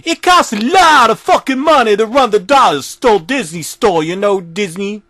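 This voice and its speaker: A furious skeleton screams curses in a shrill, wildly swinging voice, as a man puts him on for a comedic horror reading. He rants and shrieks at whoever is listening. The sound is dry and close. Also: lively intonation, moderate pace, sharp tone, no echo, exaggerated voice. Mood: furious yelling. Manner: screaming, foul-mouthed. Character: furious male skeleton ranting at a viewer.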